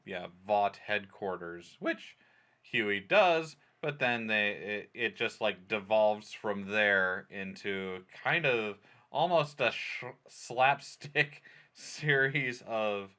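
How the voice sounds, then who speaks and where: A man's voice: lowish voice, slow pace, pushed and bright. A man co-hosting a podcast in casual chat, recapping plot in a rambling way with many fillers. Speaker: podcast co-host.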